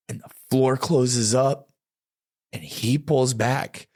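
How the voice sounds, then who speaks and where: A man's voice: mid-range voice, takes it slowly, darkish tone, dry recording, clean studio sound. A middle-aged man, a podcast guest, telling a personal testimony in conversation, acting out quoted dialogue and stammering when emotional.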